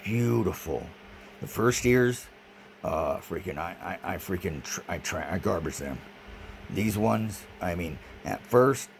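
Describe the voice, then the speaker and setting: A man's voice: on the low side, vocal fry. A man in a rambling, agitated video monologue who repeats himself and swears often. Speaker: vlogger. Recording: noisy background.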